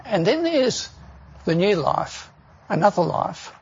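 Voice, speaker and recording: Gravelly-voiced man preaching a sermon. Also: high-pitched, big pitch swings, takes it slowly, dull audio. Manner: earnest, with rhetorical questions.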